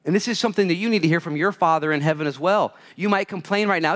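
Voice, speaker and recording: A man preaching a sermon and reading scripture, swinging between loud bursts and hushed asides. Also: a little high, fast talker. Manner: reads scripture aloud. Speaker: pastor.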